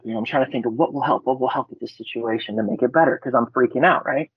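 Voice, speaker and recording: A man from Alaska, a guest on a podcast, telling a story in a rambling, excitable way, swearing and restarting his words. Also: mid-range voice, fast, hardly any pauses, breathy edge, no room sound. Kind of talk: casual storytelling. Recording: dry, dull lo-fi audio.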